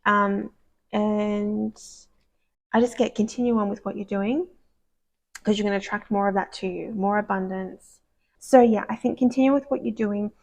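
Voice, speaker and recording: Woman, tarot reader, gravelly, rambling, gushing, soft-spoken, whispered asides. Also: medium pitch, fairly even intonation, normal speed. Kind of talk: casual tarot reading to camera. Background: dogs barking.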